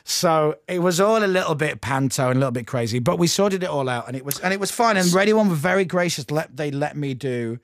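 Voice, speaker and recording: A man's voice: on the high side, quick pace, few pauses, dry recording, studio quality. A man being interviewed, once a radio breakfast show host, telling a story in a casual way and acting out what people said. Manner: animated, acts out quoted dialogue. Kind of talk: conversational storytelling.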